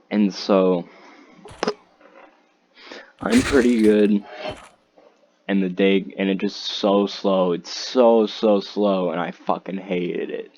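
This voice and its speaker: In slightly dull lo-fi audio with faint noise, a low-pitched, somewhat mellow male voice belongs to a teenage boy. He's casually recounting his school day in a rambling, foul-mouthed story full of "like" and "dude."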